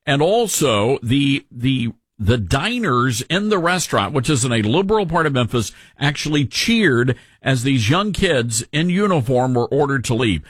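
A man's voice: medium pitch, sing-song, normal speed, few pauses, husky, no echo. A man hosting a talk radio show, giving mocking, sarcastic commentary into a studio microphone.

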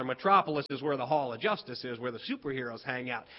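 A man from West Virginia telling a humorous story in a lively, animated way. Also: medium pitch, fast. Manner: animated, lively delivery with playful character voices. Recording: dull lo-fi recording.

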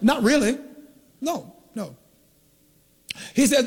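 A man's voice: sits high, expressive, a little slow, gravelly, husky, big-room sound. A man preaching a teaching sermon, who asks the congregation questions and draws out the key words. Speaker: pastor.

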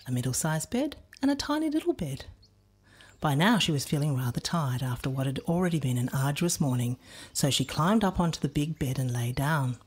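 Lady reading a kids story, low husky voice, playful and expressive.

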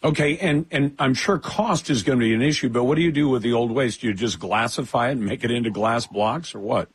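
A man's voice: medium pitch, brisk, slightly rough, dry recording. A man hosting an interview, asking questions in a conversational, inquisitive way. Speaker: interview host.

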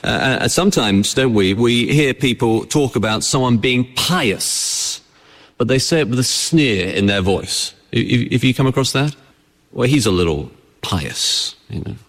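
A man's voice: mid-range voice, measured pace, fairly bright tone, in a large hall. A man preaching a sermon to his congregation. He keeps the tone conversational and often puts rhetorical questions to his listeners. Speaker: pastor. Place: church.

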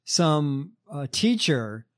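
A man hosting a podcast in casual chat, halting and wry. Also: fairly high pitch, very animated. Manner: halting, many fillers, wry. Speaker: podcast host.

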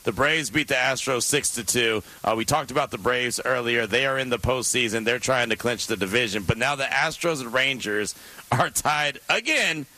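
A man co-hosts a sports radio show, running through scores and upcoming games. His voice is bright and forceful at a middle pitch, and he talks in an animated, jokey way. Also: normal speed, rough recording. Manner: animated, jokey, playful emphasis.

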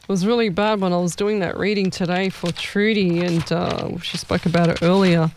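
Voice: medium pitch, unhurried, a little hiss or hum. A young adult, hosting a live stream as a psychic medium in a casual, rambling way that thinks aloud.

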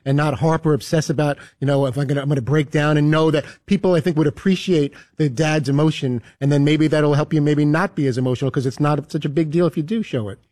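Fast-talking man, earnest radio co-host. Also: fairly high pitch, steady tone, darkish tone, no room sound, studio quality. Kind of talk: casual studio chat.

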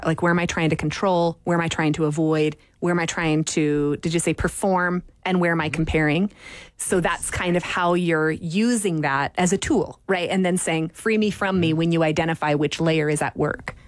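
Low-voiced interviewer, dry close sound. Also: female voice, brisk, no echo. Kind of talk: casual interview talk.

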